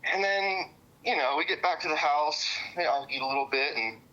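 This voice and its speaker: A man's voice: fairly high pitch, moderate pace, pushed and bright. Rambling man on a muffled phone line. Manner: rambling with many fillers and cussing. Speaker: witness interviewed by police. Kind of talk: casual recounting.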